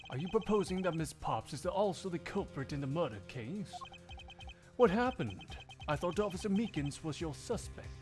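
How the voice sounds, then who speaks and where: A man in a live fan dub voicing a cocky male agent in a low, slow, smug voice. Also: expressive, a little mellow, faint music behind, lightly acted. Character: cocky male martial-arts style agent.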